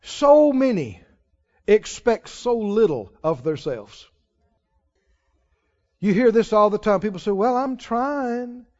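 A man preaching a sermon to a congregation, animated and throwing questions back at the listeners. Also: sits high, slow, long pauses. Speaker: pastor. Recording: dull lo-fi sound with long hall reverb.

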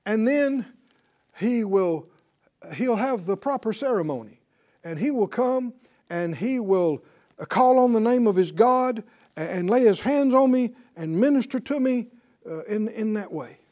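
A man teaching a Bible class, telling the story in an animated way and chuckling often. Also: high voice, measured pace.

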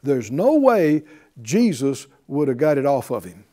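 A man teaching a Bible class in a fervent preaching style, breaking into hallelujahs and quick laughs. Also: mid-range voice, big pitch swings, warm tone.

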